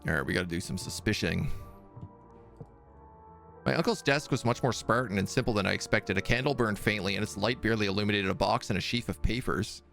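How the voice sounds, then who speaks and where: A man streaming a game, reading its story text aloud in a measured way and chatting softly to his cat between passages. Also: on the low side, gravelly, soft background music.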